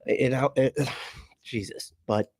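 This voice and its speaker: A man's voice: medium pitch, fairly even intonation, slow pace, a little mellow, dry recording, studio quality. A man hosting a casual livestream. He swears a lot, laughs often and talks straight to his viewers. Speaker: host.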